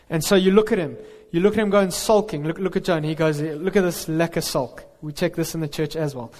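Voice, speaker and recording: A man preaching a sermon, earnest and emphatic, with rhetorical questions. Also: fairly high pitch. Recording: reverberant hall.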